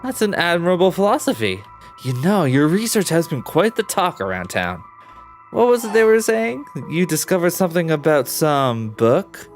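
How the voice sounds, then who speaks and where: A pushy middle-aged male detective from a story game, as a man reading the dialogue puts him on. He questions brisk and insistent, in a voice set noticeably higher than the reader's own. Faint game music plays underneath. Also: very animated. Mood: probing.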